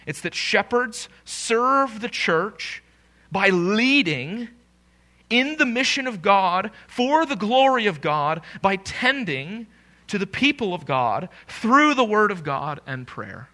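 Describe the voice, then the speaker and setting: A man preaching a live sermon as a pastor in a church, joking with the congregation and repeating key phrases slowly for emphasis. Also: high-pitched, big pitch swings, sharp tone.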